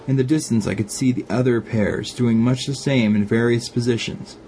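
A man with a Glaswegian accent reading an erotic story aloud, calmly narrating and voicing the lovers with light shifts. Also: medium pitch, normal speed, a little hiss or hum.

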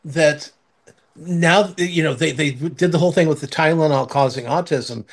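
A man co-hosting a casual political chat, speaking haltingly with many restarts and a sardonic edge. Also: fairly high pitch.

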